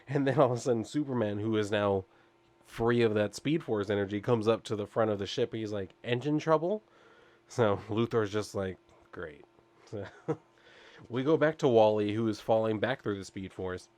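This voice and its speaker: A man's voice: fairly low pitch, normal speed, a little mellow. Rambling casual man recapping comics. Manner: rambling, full of "like" and "I guess", chuckles often. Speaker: comic book reviewer.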